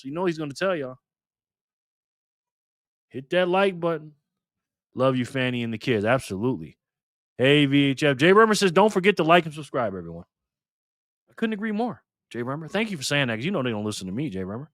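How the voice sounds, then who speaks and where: A man with a slightly high voice runs a casual live stream by himself, talking upbeat and friendly into a microphone. The sound is close and dry, with no room around it, and he greets people as brother and man. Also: sing-song, a little fast, pauses often, no room sound. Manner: upbeat, greets chat viewers by name. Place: alone at home streaming.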